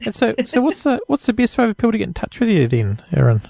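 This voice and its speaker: A man's voice: sits high, huge pitch swings, brisk, creaky, dark tone. A man hosting a podcast interview, friendly and hesitant, repeating words and agreeing often. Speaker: podcast host. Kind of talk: casual interview chat.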